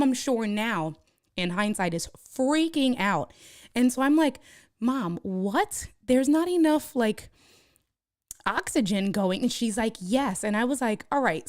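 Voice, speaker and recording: A young woman streaming live tells a story in a casual, lively way. Her New comes through, and her voice leaps higher whenever she acts out what someone said. Her pitch sits in the middle for a woman. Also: no room sound, studio quality. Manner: animated, acts out quoted voices with jumps in pitch.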